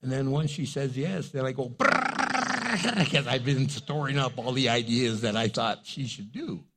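A man's voice: medium pitch, steady tone, moderate pace, heavy background noise. A middle-aged man preaching a sermon as pastor, earnest and conversational, often acting out quotes.

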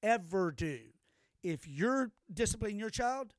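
A man's voice: high-pitched, expressive, unhurried, no room sound, clean studio sound. An older man co-hosting a podcast, telling stories in a rambling, profane way with many restarts. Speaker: podcast co-host. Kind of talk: casual chat.

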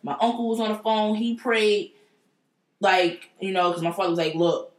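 A woman's voice: mid-range voice, moderate pace. A woman telling a personal story in a blunt, profane and emphatic casual way. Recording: roomy echo.

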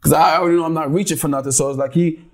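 A man's voice: a little high, very fast. A young man telling a story casually, rambling and restarting often. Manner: animated, rambling, many restarts.

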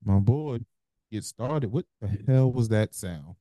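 A man's voice: on the low side, lively intonation, slow, dark tone, no echo. Laid-back young man with a Mississippi accent. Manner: laid-back, rambling storytelling with slang. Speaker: podcast co-host. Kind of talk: casual podcast banter.

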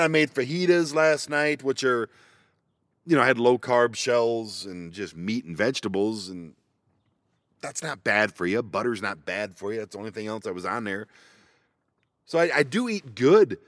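A man's voice: mid-range voice, expressive, normal speed, a bit bright, no echo. Man, rambling and self-mocking, casual solo chat, dead dry van interior, medium voice. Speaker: vanlife vlogger. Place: inside a parked minivan. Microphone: laptop microphone.

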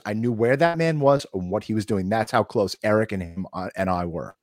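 A man's voice: fairly quick, hardly any pauses, no room sound, studio quality. A man in his forties from Long Island, telling an emotional personal story on a video call podcast, intense and repetitive, swearing now and then. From Long Island, New York. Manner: intense, repetitive, swears, voice climbs high when excited.

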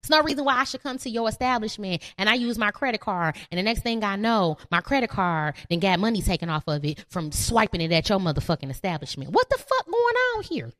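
A woman's voice: medium pitch, quick pace, few pauses, fairly bright tone. A young woman hosting a podcast, ranting in a profane, rowdy, preachy way. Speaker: podcast host. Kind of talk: ranting monologue.

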